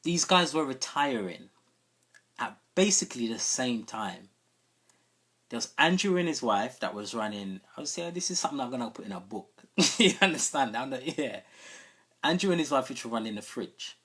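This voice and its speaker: This live-stream host's husky, mid-range voice is a bit bright, swings widely in pitch, and moves at normal speed. Running a sound system show, he spins a lengthy, casual tale and keeps asking his audience if they're with him.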